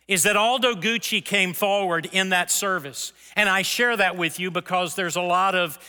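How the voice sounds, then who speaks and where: A man's voice: high-pitched, moderate pace, pushed and bright, smooth. A middle-aged male pastor preaching a sermon, telling a story in an earnest way with frequent restarts. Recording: long hall reverb.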